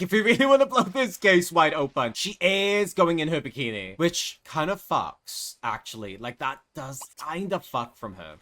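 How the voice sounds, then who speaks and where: A man's voice: on the high side, pushed and bright. A young man giving casual, gossipy commentary over a life-sim game, swearing and laughing often. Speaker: gaming streamer.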